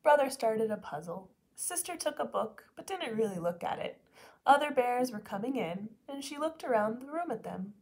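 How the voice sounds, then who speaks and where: Woman teacher, storybook read-aloud, lively pitch, fairly high voice. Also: normal speed. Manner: expressive, animated. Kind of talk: reading a picture book aloud to children.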